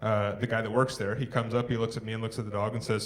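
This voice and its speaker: A young man doing a live stand-up set on a theatre stage, working the crowd with dry one-liners and pausing for laughs. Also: lowish voice, little pitch movement. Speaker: stand-up comedian. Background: crowd laughing and clapping.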